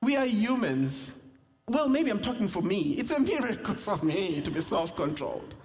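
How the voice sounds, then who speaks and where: High-voiced South African pastor preaching. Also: male voice, moderate pace. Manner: storytelling with humor, animated asides. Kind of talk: sermon. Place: church sanctuary. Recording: reverberant church hall.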